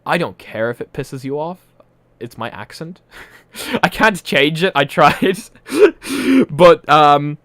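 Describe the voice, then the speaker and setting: The recording is dry, and the man's voice sits on the high side with a somewhat bright tone. He's a Polish livestream host with a mixed, partly Irish accent who rambles casually and laughs frequently in a home room with a ring light.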